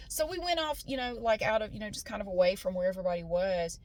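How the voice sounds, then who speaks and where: A woman's voice: fairly high pitch, animated, a little fast, hardly any pauses, a little mellow. Woman telling a story from her car. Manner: candid, swears freely, acts out quoted voices. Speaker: vlogger telling a personal story. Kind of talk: casual storytelling while driving.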